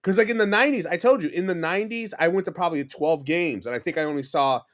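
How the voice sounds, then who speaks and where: A man in his forties from New York City, chatting as a podcast guest. He tells loose, animated stories full of fillers and false starts. His voice sits a touch high for a man. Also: quick pace. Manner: rambling, animated storyteller with lots of fillers and restarts. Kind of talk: casual chat.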